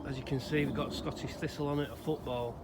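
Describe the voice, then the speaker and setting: A man speaks at a middling pitch and tells his story in a loose, conversational ramble full of pauses. He is recording outdoors in a cemetery. Clear outdoor noise and distant traffic run under his voice. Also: fairly even intonation. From Salford, England. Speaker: grave-visiting vlogger. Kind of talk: casual spoken tribute and storytelling.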